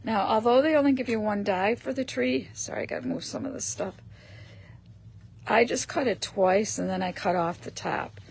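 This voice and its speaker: A woman hosting a live stream, chatting casually as she shows paper craft pieces and often clears her throat. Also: mid-range voice, moderate pace, darkish tone.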